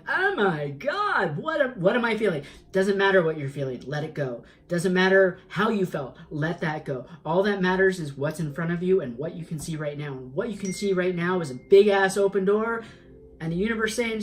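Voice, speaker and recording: A woman's voice: fairly low pitch, low-quality recording. Emphatic woman giving a tarot reading. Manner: earnest, emphatic, repeats herself, swears for emphasis. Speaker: tarot reader. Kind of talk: spoken tarot reading, motivational.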